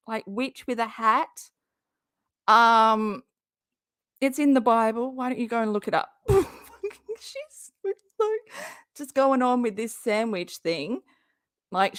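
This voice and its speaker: A woman's voice: fairly high pitch, expressive, slow pace, long pauses, dry recording, studio quality. A woman hosting a casual reaction livestream, chatty and sarcastic, rambling and laughing often. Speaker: livestream host.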